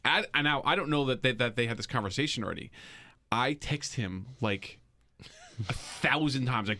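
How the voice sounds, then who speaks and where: A man co-hosting a casual podcast chat, telling stories with lively acted-out quotes and frequent swearing. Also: mid-range voice, normal speed. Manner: animated storyteller, acts out quotes, swears. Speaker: podcast co-host.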